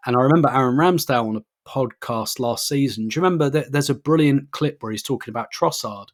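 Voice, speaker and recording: A man's voice: medium pitch, fast talker. Rambling, laughing podcast co-host man. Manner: rambling, laughs often, many restarts. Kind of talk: casual podcast chat.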